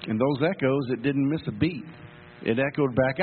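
A man's voice: mid-range voice, lively intonation, moderate pace. A man preaching a sermon as pastor, telling a story with emphatic repetitions. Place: church sanctuary. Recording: phone-like sound in a reverberant hall, faint hum.

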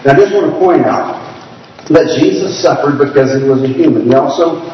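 A man's voice: a little high, a little hiss or hum. Male preacher in an echoey hall. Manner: storytelling, asks the congregation to raise hands; slows down to read scripture aloud. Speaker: pastor. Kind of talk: sermon. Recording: distant, echoey hall, dull sound.

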